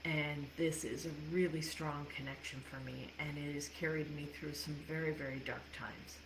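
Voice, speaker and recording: Woman coach with a low voice, candid and profane, echoey room with faint ambient noise. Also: level tone, normal speed. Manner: candid, swears freely, laughs often. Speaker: life coach. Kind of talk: casual livestream talk.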